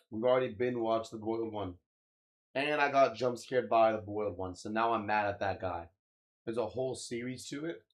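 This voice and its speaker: A young man chatting casually on a live stream, slangy and swearing, venting about lag and reacting with drawn-out "wow"s. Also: lowish voice. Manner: loose, slangy, swears often, exclaims "wow" a lot; frustrated, ranting about lag.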